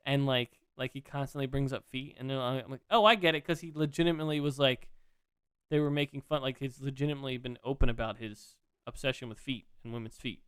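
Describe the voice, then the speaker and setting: Excitable rambling man, smooth voice. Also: medium pitch, a little fast, dry recording. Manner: rambling, excitable, swears freely. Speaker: podcast co-host. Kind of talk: casual chat.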